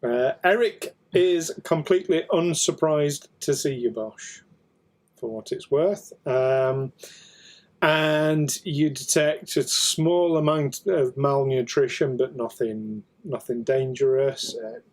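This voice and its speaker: A man running a tabletop game as game master, narrating in an unhurried, hesitant way. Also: medium pitch, darkish tone.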